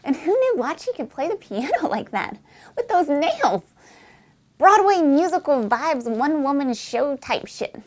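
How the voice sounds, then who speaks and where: A woman's voice: high voice, sing-song, measured pace. A woman in her thirties from Nashville hosting a music news show, reading her script with breezy, slangy asides. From Nashville, USA. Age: 30s.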